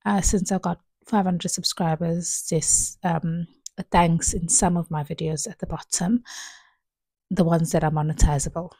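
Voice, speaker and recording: Woman, reaction video host, casual commentary, slow and relaxed, a bit husky, dry sound. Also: lowish voice, no room sound. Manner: relaxed, unhurried, laughs often.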